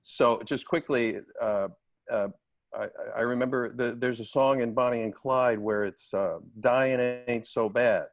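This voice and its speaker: A man's voice: medium pitch, steady tone, a little slow, no echo. A man who is a guest on a video chat, talking hesitantly with many restarts. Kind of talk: casual chat.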